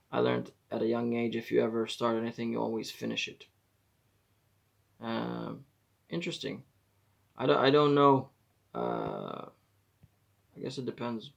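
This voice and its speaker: A man, chatting on a live stream in a deeply gravelly, husky voice. He rambles and corrects himself as he hands out casual advice. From Israel. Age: 40s.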